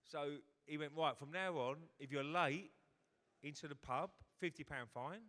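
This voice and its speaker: A bright, keen-edged man's voice tells a long, swearing story to a ballroom crowd. He acts out other people's lines as he goes, and his fairly high voice rings with the long reverb of a big hall. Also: unhurried. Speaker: guest former footballer. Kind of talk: on-stage anecdote. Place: large hotel ballroom.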